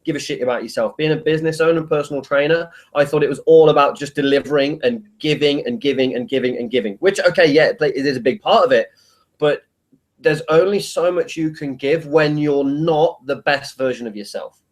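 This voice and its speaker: A man's voice: on the high side, a little fast. Emphatic, blunt male interview host. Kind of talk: casual interview chat.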